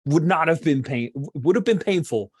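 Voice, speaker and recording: A man's voice: a little high, lively intonation, moderate pace, a little mellow, husky, no room sound, clean studio sound. A man narrating as game master for a tabletop superhero game, chatty and enthusiastic.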